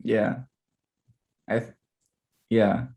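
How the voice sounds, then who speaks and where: A man with a gravelly, fry-heavy voice hosts a relaxed podcast over a video call. He talks in a loose, hesitant way, trailing off and tripping over words as he goes. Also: on the low side, very slow. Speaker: podcast host. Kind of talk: casual chat.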